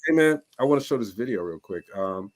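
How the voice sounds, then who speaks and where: A man co-hosting a relationship panel talk, animated and emphatic, often repeating himself for effect. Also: mid-range voice, a little fast, no room sound. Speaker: co-host. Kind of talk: casual panel chat.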